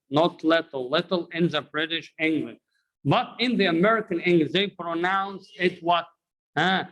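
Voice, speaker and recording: A man's voice: fairly high pitch, fairly bright tone, low-quality recording. A man with an Egyptian Arabic accent teaching English pronunciation, drilling words by repetition and explaining in Arabic. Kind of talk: bilingual pronunciation lesson.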